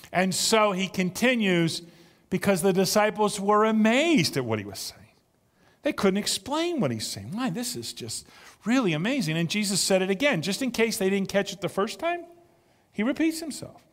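A male pastor preaching a sermon with drama, dropping to a hush and then building loud. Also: sits high. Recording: long reverb of a large hall.

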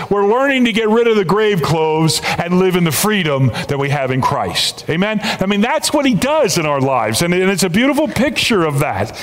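A high-voiced male pastor preaching with a wide, swooping pitch range. He stumbles and restarts phrases as he drives his points home. His voice rings with the long reverb of a church sanctuary. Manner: animated preaching with repeated restarts. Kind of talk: sermon.

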